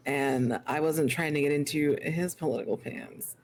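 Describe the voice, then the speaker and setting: A woman's voice: low voice, normal speed, darkish tone, a little hiss or hum. A woman playing her character in a tabletop game, speaking defiantly in character. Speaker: player.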